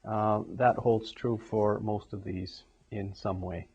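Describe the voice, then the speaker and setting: A man's voice: fairly low pitch, fairly even intonation, slow, a little mellow, a little hiss or hum. A man teaching a grammar lesson, walking through numbered examples one step at a time. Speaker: English teacher. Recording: dull lo-fi recording.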